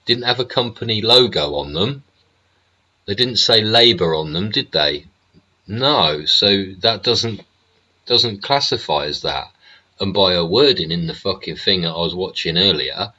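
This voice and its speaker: A man's voice: lowish voice, animated, measured pace, bright, forceful tone, rough recording. Sweary ranting man. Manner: angry, swears constantly, rhetorical tag questions. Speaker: host. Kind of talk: ranting political monologue.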